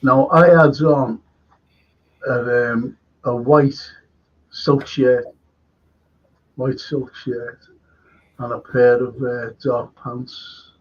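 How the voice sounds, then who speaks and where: A man's voice: mid-range voice, fairly even intonation, drawn-out words, pauses often, slight background noise. Rambling male livestream host, lo-fi sound. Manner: rambling storyteller with many restarts and laughs. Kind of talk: casual chat, telling anecdotes. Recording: dull lo-fi stream audio.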